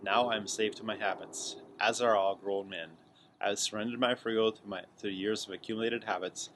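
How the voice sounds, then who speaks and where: Sleepy man reading aloud, lower voice, outdoor noise. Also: fairly even intonation, a little fast, fairly bright tone, poor audio. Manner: reads the scroll, stumbles and restarts, breaks off to chat and laugh. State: sleepy, yawning. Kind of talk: casual reading aloud with chatty asides.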